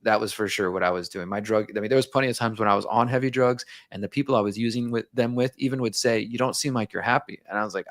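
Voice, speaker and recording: A man's voice: mid-range voice, fast talker, a bit bright, no room sound, studio quality. A man speaking as an interview guest, talking candidly and reflectively, and sometimes acting out his own inner dialogue.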